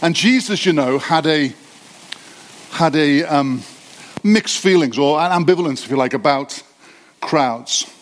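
A man gives a church sermon, talking to his congregation like a friend and poking fun at himself. His voice sits a little high, and he often stops and restarts his sentences as he thinks aloud. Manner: conversational, self-deprecating, halting with many restarts. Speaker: pastor. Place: church hall.

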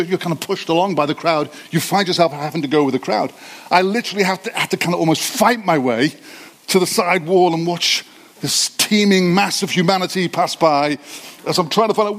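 A man gives a church sermon, talking to his congregation like a friend and poking fun at himself. His voice sits a little high, and he often stops and restarts his sentences as he thinks aloud. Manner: conversational, self-deprecating, halting with many restarts. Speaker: pastor. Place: church hall.

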